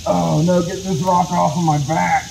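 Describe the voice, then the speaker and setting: A man's voice: high-pitched, level tone, moderate pace, creaky, darkish tone, pitched above the performer's own voice. A man doing a whiny lovelorn possum. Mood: groaning. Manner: whiny, complaining, groaning. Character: lonely, plaintive male possum seeking a wife. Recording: echoey with faint noise.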